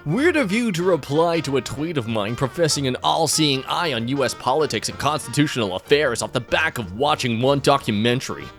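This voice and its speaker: A man reads online posts aloud and adds dry, sarcastic remarks between them. His pitch rises and falls a lot as he jokes. Faint music plays behind him. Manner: sarcastic, wry commentary. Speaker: narrator reading posts aloud. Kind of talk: comedic reading of social media posts.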